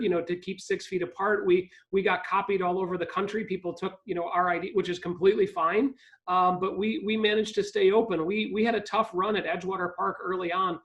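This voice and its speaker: Ohio guy on a zoom call, high flat voice, lots of ums, kinda dull audio. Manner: hesitant, many ums and restarts. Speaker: park district CEO, guest speaker. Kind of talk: live video call talk. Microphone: video call.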